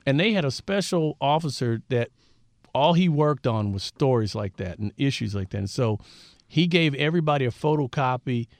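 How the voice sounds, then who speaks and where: With a mid-range voice at a moderate pace and no echo, the same kind of guest, a fiftysomething man from Southern California, spins animated stories in an interview, voicing the people he quotes.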